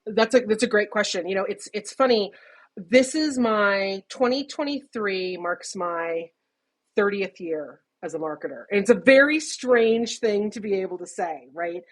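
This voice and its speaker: A woman in her fifties, an industry analyst, talking through her career in a casual interview, chatty and animated and laughing often mid-sentence. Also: medium pitch, a little slow.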